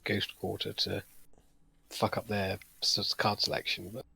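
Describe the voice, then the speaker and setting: A man's voice: lowish voice, monotone, measured pace, creaky, pushed and bright, breathy edge. A man chatting casually as a co-player on a stream, giving short, laid-back advice on card game plays. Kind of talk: casual chat.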